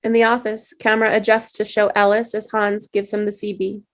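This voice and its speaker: A woman reading the stage directions at a table read in a plain, even manner. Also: mid-range voice, fairly quick.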